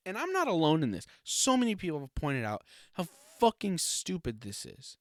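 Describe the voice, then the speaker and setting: A man's voice: fairly high pitch, wildly swooping pitch, normal speed, hardly any pauses, no room sound, clean studio sound. A man hosting a solo podcast in a casual, rambling way, swearing freely and laughing often. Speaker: podcast host.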